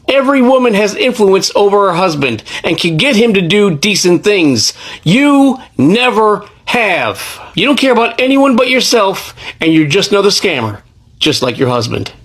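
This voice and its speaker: A woman tears into her subject in a sarcastic, scornful rant, her voice swooping high and low. She mocks and heckles with barbed rhetorical questions. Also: breathy edge. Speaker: commentator reacting to a clip. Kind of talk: ranting reaction commentary.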